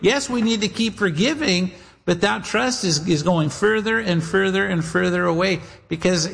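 Man, pastor, earnest sermon, high voice, long reverb. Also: normal speed, creaky, fairly bright tone. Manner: earnest, addresses listeners as guys and gals, acts out quoted voices.

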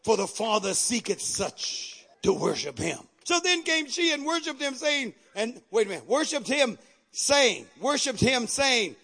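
A man with a very high voice preaches a fiery sermon. He calls out to the congregation and builds to shouted exhortations. It is heard through a radio broadcast of a church service. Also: big pitch swings, measured pace. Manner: call-and-response preaching, rising to shouts. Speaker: pastor.

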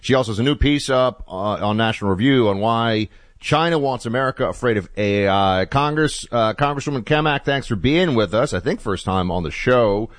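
A man's voice: medium pitch, animated, fairly quick, no room sound. A male talk show host with a mid-range voice, casual and opinionated, circling around before asking his question. The recording is dry and close. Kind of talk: political talk show interview.

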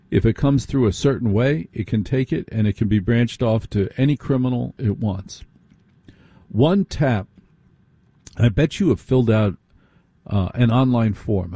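Man, late-night radio host, dark mellow voice, slightly husky, dry close studio sound, repeats himself for emphasis. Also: medium pitch, no echo. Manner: conversational, repeats phrases for emphasis, asks listeners rhetorical questions. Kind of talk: radio monologue.

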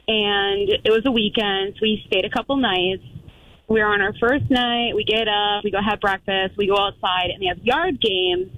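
A woman calling into a radio show tells a personal story in an animated way, acting out the voices of people around her. Her voice sits at a middle pitch. The sound is dry, with no room echo. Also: moderate pace, muffled recording. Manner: animated storyteller, quotes herself and others. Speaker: caller.

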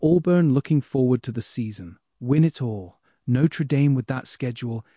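A synthetic male voice with an Indian accent reads in an earnest, hushed way, like spoken word. The tone is mellow and slightly husky, and the sound is dry. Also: medium pitch, normal speed, no echo. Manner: earnest, soft, almost whispered delivery. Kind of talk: synthetic text-to-speech reading.

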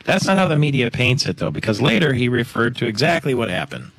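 A man's voice: medium pitch, very animated, fast talker, fairly bright tone. A man hosting a talk show, chatting casually and joking about the clips he plays. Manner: chatty, joking, laughs at his own asides. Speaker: radio host.

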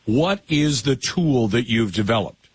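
Male, radio talk show host, call-in format, husky voice, brisk, steering the caller. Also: mid-range voice, animated, no room sound.

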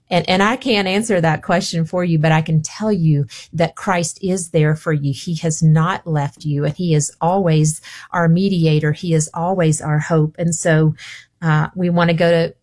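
A woman's voice: low-pitched, steady tone, moderate pace, darkish tone. A woman guest on a Christian radio show, earnestly teaching from scripture, often saying "you know". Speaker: guest speaker. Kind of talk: Bible teaching in a radio interview.

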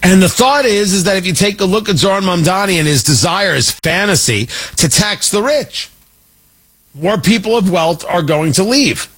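A man's voice: high-pitched, expressive, normal speed, a bit bright, husky. A man hosting a political talk radio show, delivering a sarcastic, riffing monologue and slipping into mock voices. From Midwest.

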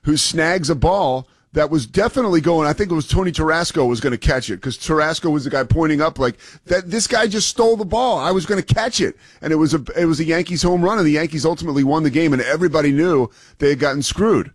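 A man's voice: fairly high pitch, fast talker, few pauses, dry recording. Forties male sports co-host, emphatic, dry close mic. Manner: emphatic, repeats words when pressing a point. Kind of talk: opinionated sports talk.

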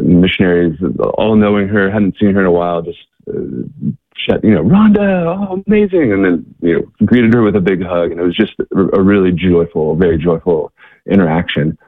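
A man telling a story as a guest, hesitant, with many fillers and restarts. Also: deep voice. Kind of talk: storytelling in conversation. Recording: tinny phone line.

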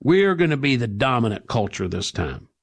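A man's voice: mid-range voice, big pitch swings, normal speed. A man hosting opinionated radio talk in an emphatic, preachy way. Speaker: radio talk show host.

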